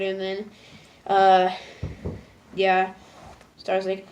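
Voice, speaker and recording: A woman casually recapping a cartoon episode, rambling with lots of "like"s and stumbling restarts, jumping into high loud voices for the characters. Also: level tone, slow, pauses often. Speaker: episode reviewer.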